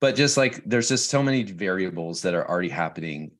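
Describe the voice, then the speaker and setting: A man's voice: low-pitched, animated, fast. A man in his thirties co-hosting a recovery podcast, telling stories in casual chat, with jokes and swearing. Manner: storytelling, swears, jokey. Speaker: podcast co-host.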